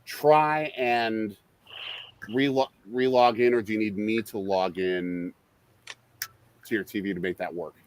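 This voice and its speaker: A middle-aged man hosting a casual live-stream chat, a father who talks through a baseball game with quick excitable outbursts. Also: on the low side, no echo. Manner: animated, excitable, jumps into loud outbursts. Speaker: podcast host and father.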